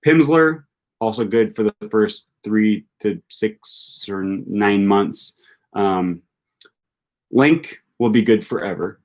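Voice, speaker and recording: A young man hosting a language-learning live stream, reading out viewer questions and answering them in a relaxed, chatty way with plenty of ums and restarts. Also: lowish voice, slow pace. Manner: reads viewer questions aloud and answers chattily, many fillers.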